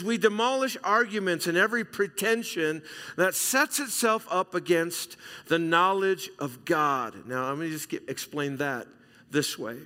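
A middle-aged male pastor from Southern California preaching a sermon, emphatic and repetitive, swinging between loud and hushed. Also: high-pitched. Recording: reverberant hall sound.

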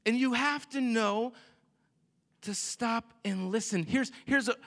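A young man preaches in a loose, conversational way, acting out little scenes as he goes. His voice sits high and sounds bright and forward. Long reverb trails behind him from the big church hall. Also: slow pace. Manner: animated, chatty preaching with jokes and acted-out quotes. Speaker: pastor. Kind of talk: sermon. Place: church sanctuary.

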